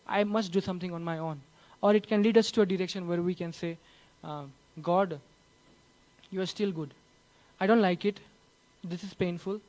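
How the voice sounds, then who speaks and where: A man giving a conversational sermon, often saying "you know" between thoughts and slowing down to read a letter with earnest weight. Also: sits high, darkish tone, low-quality recording. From Nepal. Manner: slow, earnest reading of a quoted letter. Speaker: preacher. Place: church.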